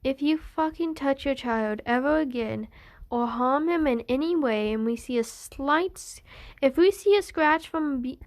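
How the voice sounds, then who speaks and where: Woman doing a threatening young guy, emphatic, high, slow.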